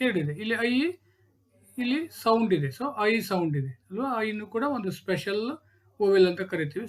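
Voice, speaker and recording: Teacher repeating words aloud. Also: female voice, mid-range voice, animated, rapid-fire. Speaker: English teacher. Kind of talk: classroom lesson reading out example words.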